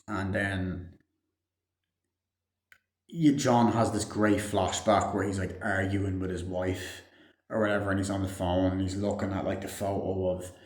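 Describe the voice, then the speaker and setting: Lowish guy rambling thru a movie recap, tons of "like", swears a bunch, roomy echo. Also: a little mellow. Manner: rambling, heavy use of "like", swears casually. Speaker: movie reviewer. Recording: echoey room.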